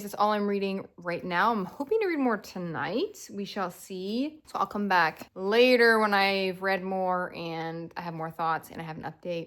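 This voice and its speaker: A young woman chats to camera about what she is reading, casual and animated. She leans on "like" and slips into playful mock quotes of the characters. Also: medium pitch. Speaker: book vlogger.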